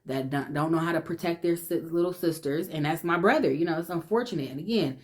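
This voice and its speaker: A woman telling her personal testimony in an emotional, conversational way, restarting often and dropping to a hush when she relives fear. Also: sits low, fast talker. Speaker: vlogger sharing her testimony.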